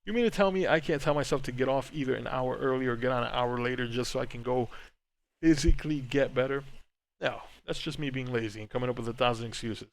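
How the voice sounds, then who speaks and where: Young male co-host, open and rambling, chatty podcast talk, middle pitch. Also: quick pace. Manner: candid and rambling, many restarts and filler words. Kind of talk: casual chat, reading live chat.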